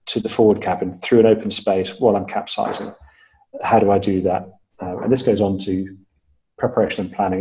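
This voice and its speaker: A man with a low-set, warm and mellow voice, speaking as a podcast guest. He tells his story in a measured, step-by-step way, with plenty of "um"s. He repeats key phrases to stress them. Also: vocal fry, low-quality recording. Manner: measured, step-by-step retelling with frequent fillers. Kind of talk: storytelling in an interview.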